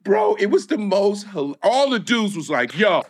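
A man in casual storytelling chat, animated, his voice jumping into loud laughing squeals at the punchlines. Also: high voice, a little slow, a little hiss or hum.

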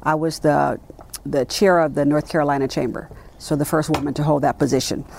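Gravelly, low-voiced woman telling stories. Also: fairly quick, a little hiss or hum. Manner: animated storyteller acting out quoted dialogue. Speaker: interview guest, sports executive. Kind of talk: conversational interview.

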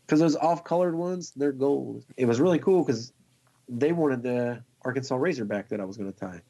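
A man, a fly tier, telling a long story in a casual, excited, rambling way and laughing often. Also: medium pitch, normal speed, gravelly.

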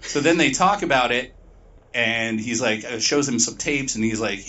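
A man's voice: medium pitch, sharp tone, far from the mic. A man talks through a story's plot in loose, rambling chat, swearing freely and dropping into brief mock voices for the characters. He sits back from the mic, and the recording sounds dull and muffled. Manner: profane, rambling retelling with quick put-on voices. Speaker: podcast co-host. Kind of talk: casual plot recap.

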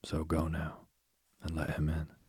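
A man's voice: extremely low pitch, completely flat delivery, unhurried, darkish tone, breathy edge, no room sound, full character voice. A man doing a stern old king. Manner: stern, commanding. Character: stern older king, a father.

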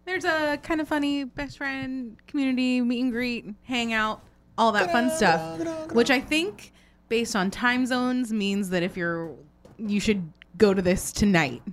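A woman chiming in on a casual show with quick, informal announcements, correcting herself as she goes. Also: on the high side, expressive, crowd noise.

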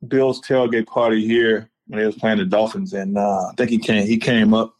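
Laid-back former football player on the phone. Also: male voice, lowish voice, level tone, moderate pace, darkish tone, rough recording. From North Carolina. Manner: laid-back, laughs often, repeats phrases. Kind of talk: casual storytelling over the phone.

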